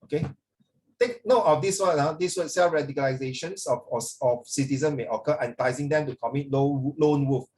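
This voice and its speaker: Middle-aged Singaporean man teacher, blunt and opinionated, slightly raised pitch. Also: brisk, a little mellow, rough recording. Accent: Singaporean English. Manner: opinionated, blunt, mixes English with Mandarin. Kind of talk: classroom lecture.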